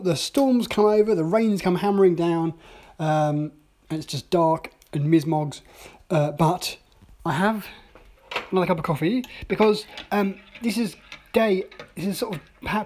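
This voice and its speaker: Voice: medium pitch, a little mellow. Rambling chatty vlogger. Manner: rambling and chatty, with many ums and self-mocking asides. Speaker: vlogger tasting coffees. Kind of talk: casual daily video diary. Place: at home, indoors.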